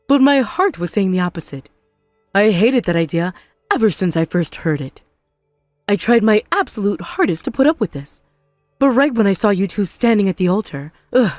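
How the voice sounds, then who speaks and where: A woman voicing a spiteful, possessive mother-in-law in an animated story, scornful and melodramatic. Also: medium pitch, no room sound, close to an everyday voice. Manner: scornful, melodramatic, self-pitying.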